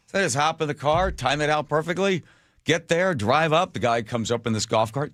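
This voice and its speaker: A middle-aged man hosting a radio show, telling a story in a casual, animated, self-mocking way. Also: on the high side, brisk, dry recording, studio quality. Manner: animated, self-mocking, laughs at his own stories. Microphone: studio microphone.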